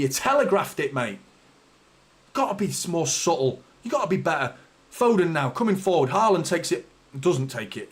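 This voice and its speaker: With a high, fairly bright voice, a fan channel host commentates a live football watchalong. He rants at his team's players in frustrated, sweary exasperation.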